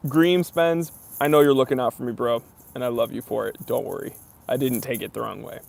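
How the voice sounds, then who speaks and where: A man's voice: medium pitch, steady tone, a little fast, creaky, a little mellow. A young man hosting a casual live stream Q&A, reading viewer comments aloud and chatting with lots of fillers. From near New York.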